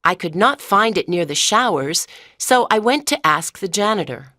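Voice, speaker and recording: A woman narrating a graded-reader story for language learners in a clear, careful reading. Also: fairly low pitch, expressive, moderate pace, pushed and bright, no room sound, studio quality. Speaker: audiobook narrator.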